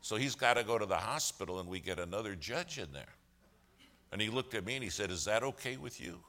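A man with a lowish voice and a forceful, bright edge tells a story before a congregation. He is a lawyer by trade and plays every part himself. He drives the punchlines home with sudden loud bursts. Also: quick pace. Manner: animated storyteller, acts out quoted voices with humor. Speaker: lawyer giving a testimony. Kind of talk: sermon storytelling.

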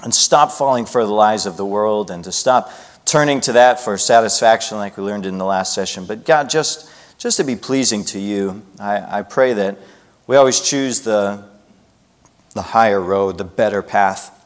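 Earnest youth pastor in a reverberant hall. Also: male voice, on the low side, moderate pace. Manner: earnest, lively storyteller who acts out children's voices. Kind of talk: sermon with prayer and personal storytelling.

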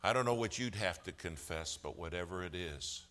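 A man, a lawyer by trade, telling a story in a sermon. He acts out the other people's lines with humor and gets loud at key moments. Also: deep voice, moderate pace. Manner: animated storyteller, acts out quoted voices with humor. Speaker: lawyer giving a testimony.

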